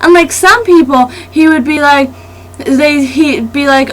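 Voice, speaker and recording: A young woman vlogging to camera in a casual, rambling and excited way, with restarts and laughs. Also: high voice, moderate pace, rough recording.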